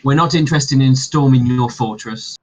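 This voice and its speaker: A man voicing a gruff male sailor gang leader who talks bluntly and dismissively. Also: mid-range voice, normal speed, a little mellow, natural voice. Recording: dull lo-fi recording.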